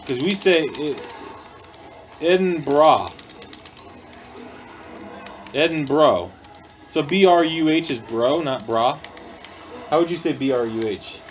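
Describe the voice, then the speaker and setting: This US livestream host has a fairly high, expressive voice and talks at a moderate pace while faint music plays behind him. He rambles playfully through a casual chat from an indoor studio, reading viewers' messages aloud.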